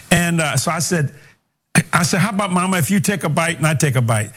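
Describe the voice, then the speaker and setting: An older man with a drawl tells folksy stories in an animated way, stumbling and repeating his words as he goes. His voice sits a touch higher than most men's. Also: a little fast. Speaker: preacher, guest. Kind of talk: storytelling interview.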